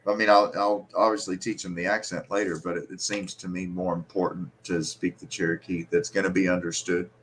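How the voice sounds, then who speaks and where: A man in casual conversation, rambling and animated, who slips into playful regional accents. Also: low-pitched, brisk, hardly any pauses, slight background noise, poor audio.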